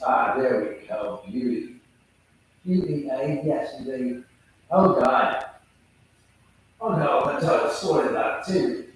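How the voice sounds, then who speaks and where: Brief: male stream host, rambling and swearing, a bit higher voice, roomy echo. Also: a little hiss or hum. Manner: rambling, profane, restarts often. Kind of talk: casual storytelling on a live stream. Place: his own home.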